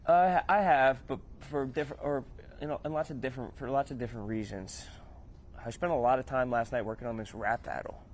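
A man's voice: medium pitch, brisk. A man co-hosting a podcast in casual, joking chat, rambling and laughing often. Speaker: podcast co-host. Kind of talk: casual chat among friends.

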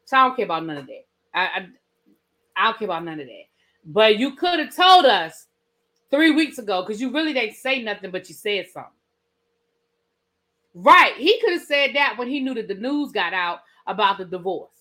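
A woman hosting a casual celebrity gossip podcast, talking in an animated, incredulous way with laughing asides. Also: mid-range voice, normal speed. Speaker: podcast host.

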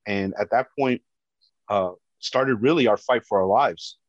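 A man with a big, loud voice, a police officer giving personal testimony. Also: on the low side, measured pace, dry recording. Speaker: police officer telling his story. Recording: dull, dry lo-fi recording.

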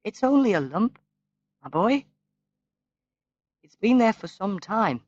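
A frail elderly mother who keeps her tone bright and brisk, as a male narrator puts her on. The voice sits noticeably higher than the reader's own. The recording is dull, lo-fi and very dry. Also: sing-song, no room sound, exaggerated voice. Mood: soothing.

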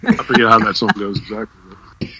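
A man's voice: fairly low pitch, fairly even intonation, normal speed, crowd noise, low-quality recording. A man co-hosting a podcast, joking and ranting sarcastically in casual chat. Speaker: podcast co-host.

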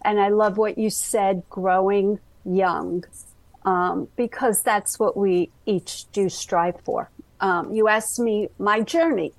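A woman with a Brooklyn accent, a guest author telling her life story in an interview, slow and halting with many ums. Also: medium pitch, fairly even intonation, dry recording, rough recording. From Brooklyn, New York. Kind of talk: interview conversation.

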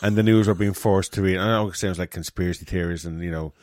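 A man's voice: sits low, fairly even intonation, fast, darkish tone, no room sound, clean studio sound. A man co-hosting a casual podcast, talking in a laid-back, rambling way. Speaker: podcast co-host.

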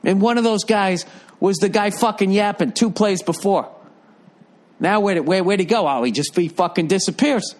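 An older man delivers a rambling, profanity-laced rant with exasperated energy. His voice sits fairly high for a man, and he circles back on himself as he vents. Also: normal speed.

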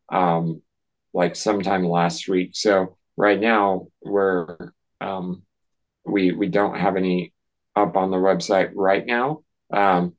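A man speaking as a podcast guest, talking in a slow, thoughtful way with many ums and restarts. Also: low voice, low-quality recording. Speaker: podcast guest, nonprofit founder. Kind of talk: casual interview talk.

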